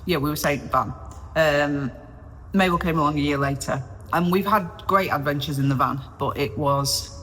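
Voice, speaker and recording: A woman's voice: sits low, normal speed, a bit bright. A woman in her forties rambles cheerfully to a self-filmed camera, often drifting away from the mic as she works. The sound rings with a long echo off the hard walls of a small caravan, with a faint hiss of wind outside. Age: 40s. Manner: chatty, rambling, self-deprecating. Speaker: vlogger. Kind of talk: casual solo vlog chat. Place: small caravan interior under renovation, windy day. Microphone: self-filmed camera on a stabilizer, sometimes far off. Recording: echoey small room, faint wind noise.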